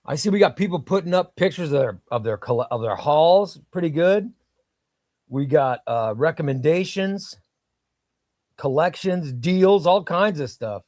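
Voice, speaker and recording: A man's voice: a little high, expressive, a little slow, a little mellow, dry recording, clean studio sound. A man hosting a casual comics livestream, reading viewer comments in an enthusiastic, rambling way.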